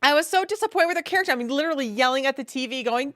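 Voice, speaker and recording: A woman co-hosting a casual chat, recapping a TV series in an animated, chatty way. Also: high voice, very fast, hardly any pauses, dry recording, studio quality. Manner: chatty and animated, breaks into loud exasperated quoted outbursts. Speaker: podcast co-host.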